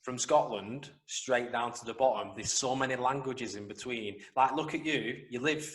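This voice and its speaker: A young man with a northern English accent, co-hosting a casual podcast chat in an earnest, animated way with casual swearing. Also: medium pitch, normal speed. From northwest England, near Wigan. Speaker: podcast co-host.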